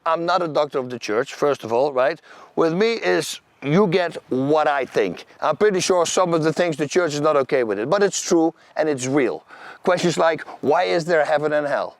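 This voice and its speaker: Animated Dutch man telling stories. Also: a little high, no echo. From Netherlands. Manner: animated, vivid, acts out scenes and quotes; loose, non-native grammar. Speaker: channel host. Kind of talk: personal storytelling monologue.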